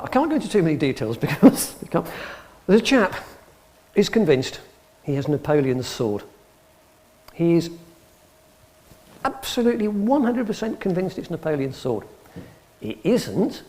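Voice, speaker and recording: A middle-aged English man spins dry, funny anecdotes for a hall audience, his voice sitting a touch high and swinging widely in pitch as he acts out each exchange. He speaks as a guest expert on antiques. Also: a little mellow. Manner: dry humorous storyteller, acts out dialogue. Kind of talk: anecdotal talk to a live audience. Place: public hall.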